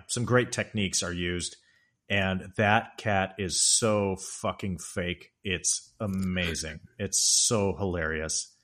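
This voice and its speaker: A man's voice: on the low side, a bit bright. A man co-hosting a casual film podcast, responding with enthusiasm and finding the effects hilarious. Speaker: podcast co-host.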